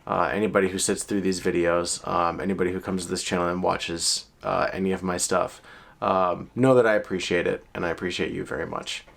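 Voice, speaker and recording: Low-voiced man, reflective vlog talk. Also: fairly even intonation, brisk, vocal fry, a bit bright. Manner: reflective, searching for words. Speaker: video creator. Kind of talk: casual vlog update to camera.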